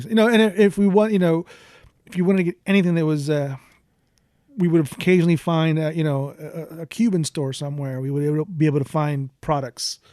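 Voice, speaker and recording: A man who is an art professor, a guest on a podcast, talking in a casual, halting way full of "you know.". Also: fairly high pitch, mellow, dry recording, studio quality. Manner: halting, leans heavily on "you know" fillers. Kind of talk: casual interview talk.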